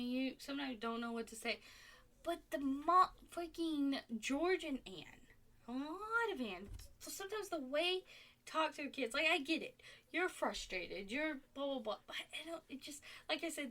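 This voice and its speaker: Woman, fairly high voice, casual rambling chat, exasperated, lots of fillers, home recording. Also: pushed and bright. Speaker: podcast host reviewing a TV show.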